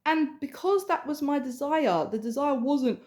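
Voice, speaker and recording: A woman spiritual coach giving an emotional, earnest sales pitch, repeating herself and speaking intimately to the listener. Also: expressive, unhurried, darkish tone. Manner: earnest, repetitive, swears casually; addresses the listener intimately as hun and babe.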